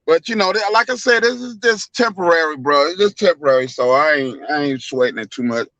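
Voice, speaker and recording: A man's voice: a little high, expressive, brisk, pushed and bright, no echo, muffled recording. A man co-hosting a casual talk show, telling a long rambling story full of restarts. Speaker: podcast co-host. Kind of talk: casual conversation.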